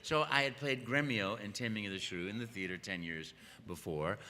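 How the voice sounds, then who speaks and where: An older voice actor holds a microphone on a convention panel and tells his story in an animated way, acting out voices and restarting often. His tone is very bright and sharp. A long hall reverb hangs behind every word. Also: lowish voice, moderate pace, slight background noise.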